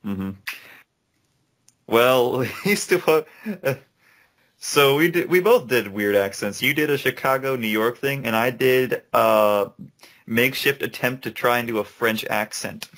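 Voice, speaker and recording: Gravelly young man chatting casually. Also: mid-range voice, unhurried, a bit bright. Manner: rambling, laughs often. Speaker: podcast co-host. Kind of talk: casual chat.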